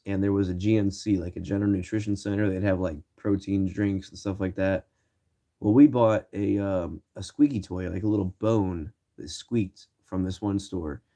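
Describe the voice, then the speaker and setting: A young man from Ohio, a streamer telling loose, profane stories to his viewers in casual chat and acting out shouted lines. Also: lowish voice. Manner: loose, swearing, acts out quoted shouts. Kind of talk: casual storytelling.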